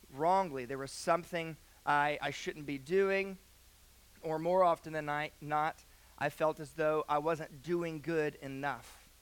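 A young pastor speaks from the pulpit in a church sanctuary. His voice sits a little higher than most men's. He tells his own story earnestly, and his prayers drop to a hushed tone. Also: clear, resonant tone. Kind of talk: sermon.

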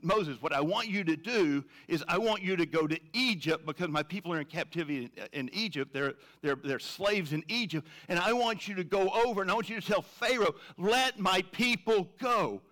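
A man's voice: fairly high pitch, fairly quick, few pauses, a bit bright, natural voice. God as a male voice, done by a preacher, commanding, emphatic, sermon retelling. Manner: urgent, emphatic instructions.

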